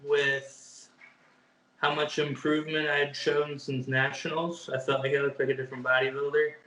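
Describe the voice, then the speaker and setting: A man's voice: a little high, level tone, moderate pace, pushed and bright, recorded from a distance, slight background noise. A young man, a bodybuilder, chatting casually as an interview guest, easygoing and hesitant with lots of fillers. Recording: echoey room.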